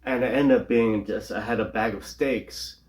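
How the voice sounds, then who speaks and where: A man's voice: mid-range voice, normal speed, a little mellow. A man co-hosting a casual chat, chiming in with short reactions and dry jokes.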